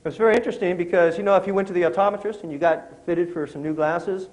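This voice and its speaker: A man's voice: sits high, fast, a little mellow, low-quality recording. Conversational middle-aged man addressing an audience. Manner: conversational, questions the audience, tells jokes. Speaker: motivational speaker. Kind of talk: motivational talk to a live audience.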